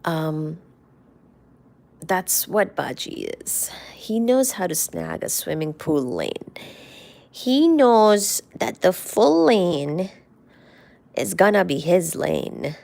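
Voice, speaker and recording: Woman streamer, unhurried fond rambling, gravelly fry, trails off to near-whispers. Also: lowish voice, sing-song. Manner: soft, affectionate, rambling, often drops to a near-whisper. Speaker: livestream host. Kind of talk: casual live-stream chat about her cats.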